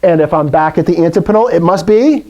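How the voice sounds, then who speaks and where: A middle-aged Greek teacher gives a classroom lecture, walking through language rules step by step and slipping in jokey asides. His voice sits on the high side, fast and a little mellow, and the audio is dull.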